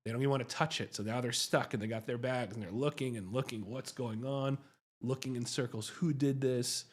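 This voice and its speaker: A man's voice: medium pitch, fairly even intonation, brisk. A man, a psychiatrist hosting a livestream, telling a story in a chatty, self-mocking way and often asking "right?".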